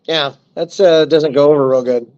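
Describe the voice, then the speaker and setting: A man's voice: on the high side, fairly even intonation, normal speed, a little mellow, dull audio. A man in his fifties, an army veteran, telling stories in a casual, joking interview. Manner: joking, easygoing storyteller who acts out quotes.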